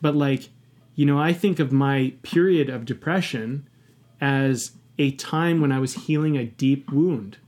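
A man's voice: medium pitch, unhurried, darkish tone. A man talking candidly in a podcast conversation, passionate and emphatic, swearing often and reflecting earnestly on his own past.

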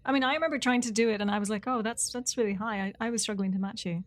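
A woman's voice: on the high side, rapid-fire, very noisy. A woman co-hosting a podcast, chatting casually in a teasing, giggly way. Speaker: podcast co-host.

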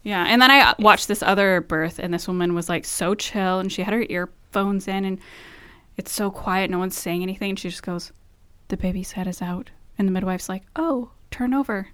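A woman co-hosting a podcast, telling stories in an animated way and swearing freely. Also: medium pitch, a little fast, clear, resonant tone, no room sound. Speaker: podcast co-host, expecting mother. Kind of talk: casual chat.

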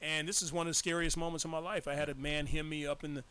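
A man's voice: fairly high pitch, level tone, fast talker, bright, forceful tone, smooth. A man from Arkansas co-hosting a talk radio show, telling personal stories in an emphatic, candid way. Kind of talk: casual chat.

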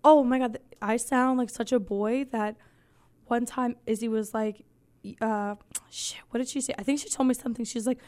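Woman host losing her voice: soft, smooth and fairly high, rambling casual chat with deadpan swearing. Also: normal speed. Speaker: podcast host.

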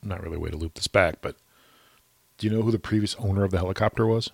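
A man chatting casually as a podcast co-host, relaxed and agreeable, with many short affirmations. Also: low voice, rapid-fire, vocal fry, no echo. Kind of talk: casual chat.

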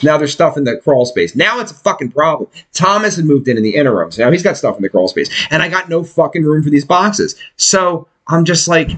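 A man tells a long story on a casual podcast, his voice riding high and swinging widely in pitch. He swears constantly and slips into voices for the people he quotes. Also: fairly bright tone. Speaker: podcast host.

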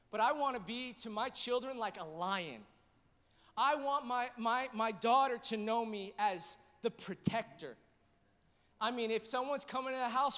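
A man's voice: extremely high pitch, a bit bright. A man in his thirties preaching a sermon in a church, telling earnest, rambling, emotional stories full of fillers. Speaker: pastor. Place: church service.

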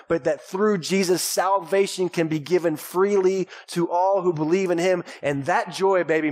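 A man in his thirties from Texas, a pastor preaching a lively sermon to a congregation and calling out to them. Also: fairly high pitch. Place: church sanctuary before a congregation. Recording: live church recording.

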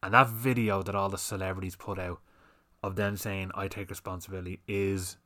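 A man's voice: deep voice, little pitch movement, a little fast, sharp tone. A man hosting a solo podcast, ranting fiery and sweary about comedy and censorship. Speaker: podcast host.

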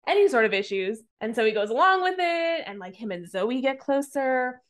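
A woman's voice: sits high, big pitch swings, moderate pace, hardly any pauses. A woman on a podcast retelling a movie plot in casual chat, rambling with lots of fillers and some swearing. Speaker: podcast co-host reviewing a movie.

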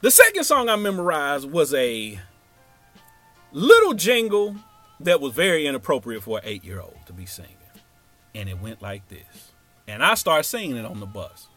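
Male stand-up comedian, storytelling, high voice, very lively pitch. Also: normal speed, no room sound, faint music behind. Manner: animated, acts out every character.

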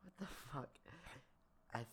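A man's voice: normal speed, a bit bright, a little hiss or hum. A man playing a guessing game with a friend, reacting playfully, laughing and swearing. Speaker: contestant. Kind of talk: casual chat.

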